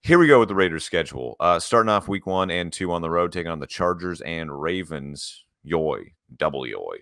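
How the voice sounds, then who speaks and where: A man hosting a sports podcast in casual chat, laid-back, running through lists with quick quips. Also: sits low, expressive, a bit bright, no room sound, clean studio sound. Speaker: podcast host.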